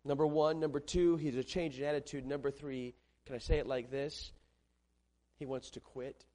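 A man's voice: mid-range voice, steady tone, moderate pace, mellow. A man preaching a sermon with rising fervor and repeated phrases. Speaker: pastor.

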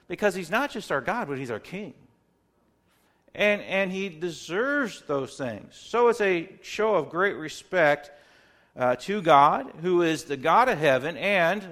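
Male pastor, bright and fairly high voice, earnest sermon delivery with emphatic repeated words. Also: animated, measured pace.

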